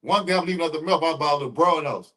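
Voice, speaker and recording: Fast-talking New man, off-mic. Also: a little high, distant mic. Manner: brash, profane, repeats words when excited. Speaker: podcast host. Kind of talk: casual street storytelling.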